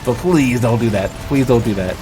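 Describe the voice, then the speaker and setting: A man's voice: mid-range voice, moderate pace, music in the background. A man streaming a video game, chatting casually and rambling with many restarts. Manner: rambling, self-interrupting, lots of restarts. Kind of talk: casual gaming stream chat.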